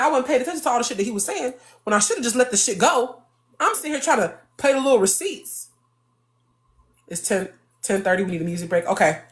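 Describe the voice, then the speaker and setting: Woman on a live stream, kinda high voice, talks blunt and animated, cusses a lot. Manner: blunt, profane, animated storytelling. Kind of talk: casual live-stream chat.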